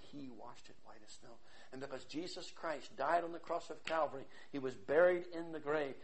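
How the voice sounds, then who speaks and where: A man preaching an evangelistic sermon, fervently reading scripture and swinging from loud ringing emphasis to low hushed passages. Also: rough recording. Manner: fervent, preacherly, reads scripture in King James style.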